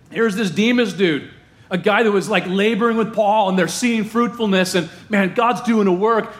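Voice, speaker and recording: A man preaching a casual, animated sermon to his congregation, using slang and asking them questions. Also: high-pitched. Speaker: pastor.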